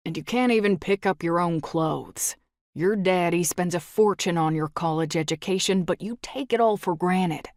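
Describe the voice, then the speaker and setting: A woman voicing a blunt, resentful young man with a slow Texas drawl and a cold, low delivery. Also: darkish tone, no room sound, studio quality, lightly acted. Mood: scolding.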